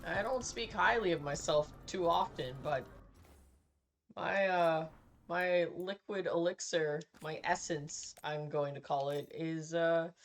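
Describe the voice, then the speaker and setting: A woman's voice: sits low, slow pace, a little hiss or hum. A young woman streaming a game, chatting casually with crude jokes and laughter. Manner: crude, joking, laughing, tipsy banter. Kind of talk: casual live-stream chat.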